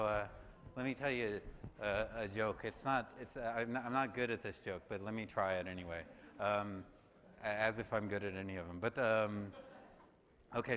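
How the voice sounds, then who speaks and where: A man giving a university lecture, halting, with many restarts and fillers. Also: on the low side, fairly bright tone. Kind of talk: classroom lecture. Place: large lecture hall. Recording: reverberant lecture hall, faint noise.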